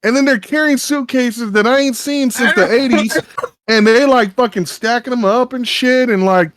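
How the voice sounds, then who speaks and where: This podcast co-host, a man with a Texas accent, speaks in a very high pitch at a moderate pace over background noise. He rambles casually, swearing a lot and restarting his sentences often.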